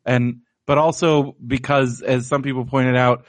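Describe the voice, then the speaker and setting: A man's voice: medium pitch, little pitch movement, measured pace, dry recording. A man co-hosting a wrestling podcast in casual chat, joking around and cursing freely. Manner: joking, loose and profane. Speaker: podcast co-host.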